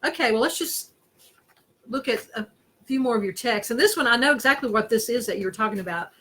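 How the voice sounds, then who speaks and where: A woman's voice: on the high side, fast, pushed and bright, low-quality recording. A woman hosting a casual interview over a video call, curious and enthusiastic, reading out listener messages. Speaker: host.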